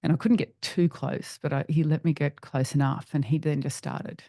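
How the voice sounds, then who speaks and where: Gravelly middle-aged woman recounting hardship. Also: sits low, steady tone, warm tone, no room sound, studio quality. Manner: earnest, halting, with frequent restarts. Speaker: podcast guest. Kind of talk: personal storytelling in an interview.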